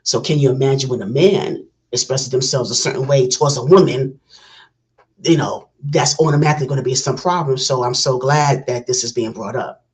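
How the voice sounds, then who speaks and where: A woman's voice: a bass voice, fairly quick, a little mellow, low-quality recording. A woman hosting a reaction video, giving passionate casual commentary with many restarts. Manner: passionate, talks it through with restarts.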